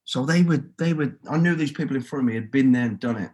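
Middle-aged Brummie man, husky, blunt storyteller who swears freely; podcast guest. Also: mid-range voice, fast, darkish tone. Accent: Birmingham. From England. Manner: blunt and swearing freely, telling stories with quoted inner thoughts. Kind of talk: candid podcast interview.

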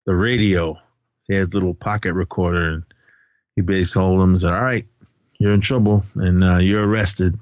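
A man's voice: deep voice, a little mellow, no echo, muffled recording. A man co-hosting a podcast, recapping a film in casual chat, acting out lines loosely and laughing often. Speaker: podcast co-host.

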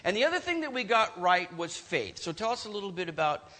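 A middle-aged man with a high, bright voice tells a shared story to an audience. He jokes at his own expense and laughs often. A long hall reverb trails his words. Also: very animated, quick pace. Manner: joking, self-mocking, laughs often. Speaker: husband telling a couple's story.

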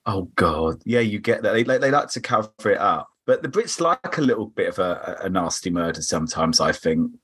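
A man's voice: low voice, big pitch swings, a little fast, hardly any pauses, fairly bright tone, slightly rough. A man from England with a South London accent, a podcast guest chatting and telling stories with quoted voices. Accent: South London English. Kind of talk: casual chat.

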